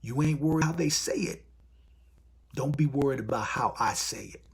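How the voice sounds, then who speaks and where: A man's voice: mid-range voice, moderate pace, slight background noise. A man hosting a live stream in casual talk, blunt and profane. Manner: blunt, profane, animated storytelling.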